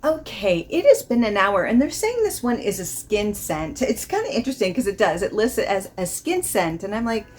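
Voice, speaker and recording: A woman's voice: medium pitch, big pitch swings, moderate pace, hardly any pauses, a little mellow. A woman vlogging a casual fragrance review, chatty and rambling, laughing often as she describes the notes. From not from the American South.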